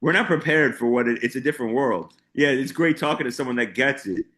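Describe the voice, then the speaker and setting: A man's voice: mid-range voice, expressive, quick pace, fairly bright tone. Rambling, laughing male comedian guest. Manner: loose, rambling, laughing banter. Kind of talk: casual interview chat.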